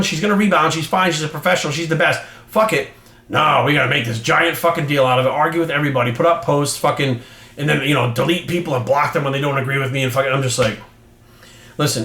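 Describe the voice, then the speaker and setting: A man's voice: on the high side, fairly bright tone. Blunt swearing man ranting, roomy echo. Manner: blunt, heated, heavy swearing, repetitive emphasis. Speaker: fitness trainer and channel host. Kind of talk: profane opinion rant to camera.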